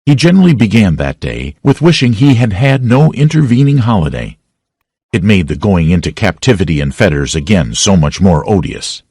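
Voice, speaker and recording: A man narrating a classic novel as an audiobook with expressive storytelling. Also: low voice, normal speed, breathy edge, no echo, clean studio sound. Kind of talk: scripted narration.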